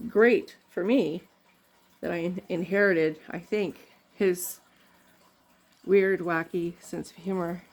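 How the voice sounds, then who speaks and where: An older woman from Canada telling rambling, funny family stories in a casual vlog, laughing often. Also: lowish voice. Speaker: vlogger.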